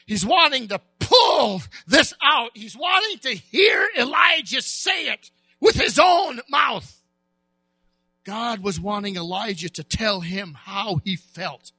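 Impassioned high-voiced male preacher. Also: animated, slow, slightly rough, dry recording. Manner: impassioned, shouting and crying out. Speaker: pastor. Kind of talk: sermon.

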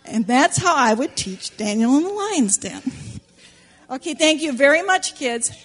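A woman leads a Sunday school lesson, telling a story to children in an animated, playful way. She keeps stopping to ask the kids questions. Her voice sits a little high. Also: unhurried. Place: church classroom with children.

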